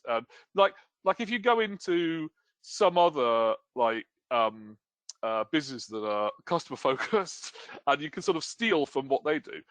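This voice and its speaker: A man's voice: mid-range voice, lively intonation, normal speed, a bit bright, no echo. A British man presenting a webinar as a game store owner, talking casually with lots of fillers and self-deprecating humor. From United Kingdom.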